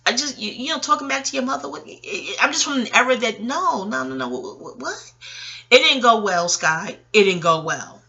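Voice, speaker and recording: Speaking at a normal speed with a fairly high pitch, a woman in her late forties tells family stories as an audio blogger. The monologue is casual and rambling; she's chatty and blunt, laughs in asides, swears, and keeps arguing with herself in an animated way.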